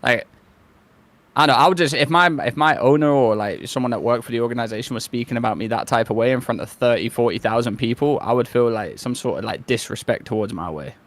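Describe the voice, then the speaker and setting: A man's voice: mid-range voice, fast talker. A male co-host with a mid-range voice. He talks casually about esports, circling his point with lots of "like" and "you know." The tone is loose and conversational. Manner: rambling, full of fillers. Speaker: podcast co-host. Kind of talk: casual esports podcast chat.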